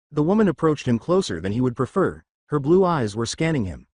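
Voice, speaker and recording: A man narrating a fan story in a steady reading voice. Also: medium pitch, fairly quick, dry recording. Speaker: fanfiction narrator.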